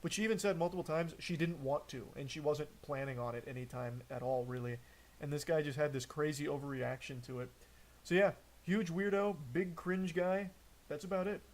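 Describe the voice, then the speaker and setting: A man's voice: fairly high pitch, brisk. A man streaming casual reaction commentary, sarcastic and exasperated as he talks through what he reads.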